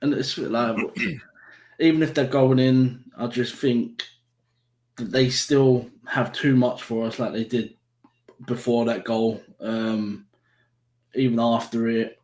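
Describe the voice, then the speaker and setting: A man's voice: medium pitch, fairly even intonation, slow, a little mellow. A man in a casual football fan chat, downbeat and hesitant, with plenty of ums. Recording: roomy echo.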